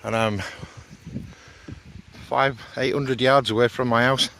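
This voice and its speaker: A man's voice: mid-range voice, fairly even intonation, slow, creaky, a bit bright, a little hiss or hum. A man in his fifties with a Yorkshire accent, chatting casually and a bit out of breath while walking his dog in hilly countryside. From England. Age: 50s. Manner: chatty, rambling, swears casually.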